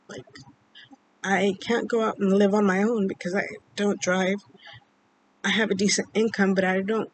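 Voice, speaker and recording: A woman vlogger casually telling a personal story, rambling and halting with many fillers, sounding upset and emotional. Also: mid-range voice, little pitch movement, a little hiss or hum, rough recording. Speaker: vlogger keeping a mood journal.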